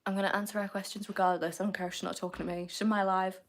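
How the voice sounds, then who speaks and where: A woman's voice: mid-range voice, level tone, racing, few pauses. A woman, chatting casually on a livestream, answering comments in a playful, teasing way and laughing often.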